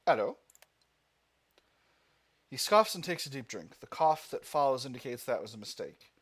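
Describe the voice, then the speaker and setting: A man at a middle pitch reads a game's story passages aloud, his voice rising and falling a lot. Between passages he thinks out loud, trailing off and restarting as he weighs his options. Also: big pitch swings, moderate pace, pauses often, husky. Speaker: gaming channel host. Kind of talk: let's play commentary, reading game text aloud.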